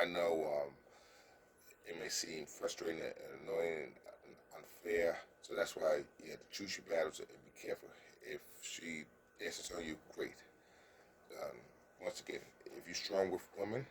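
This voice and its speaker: Deep-voiced man giving halting dating advice. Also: slight background noise. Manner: halting, repeats words, keeps asking "you understand?"; coaching, earnest tone. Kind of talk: casual advice monologue.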